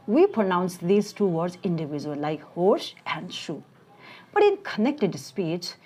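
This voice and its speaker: A woman reading a scripted English lesson, slowing down to model word pronunciations. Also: on the low side, a little mellow, husky. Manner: slow, deliberate pronunciation drills. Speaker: English teacher.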